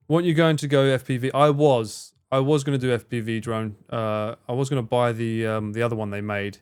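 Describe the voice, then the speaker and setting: A man's voice: medium pitch, a little mellow. A man chatting casually on a live stream, rambling and swearing now and then as he reads out and answers viewers' messages. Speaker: livestreamer reading and answering chat.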